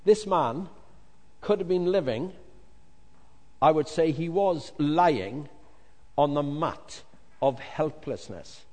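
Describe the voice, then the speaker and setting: A male pastor preaching a lively sermon to a congregation, with jokey asides, swinging from loud to hushed. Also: fairly high pitch, takes it slowly, long pauses. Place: large hall with congregation. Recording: long reverb of a large hall.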